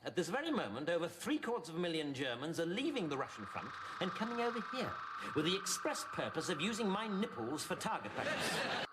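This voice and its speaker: An actor playing a cynical army captain who speaks with dry, withering sarcasm, from a noisy TV recording. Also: male voice, fairly high pitch, very animated, fairly quick. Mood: scornful. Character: sardonic cynical male army captain, scornful wit. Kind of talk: sitcom acting. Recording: noisy TV audio with studio laughter.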